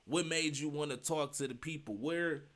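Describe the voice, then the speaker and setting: A man's voice: on the high side, moderate pace, a bit bright. A man giving casual reaction commentary, emphatic and slangy, firing off rhetorical questions and repeating his points. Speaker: streamer reacting to a video.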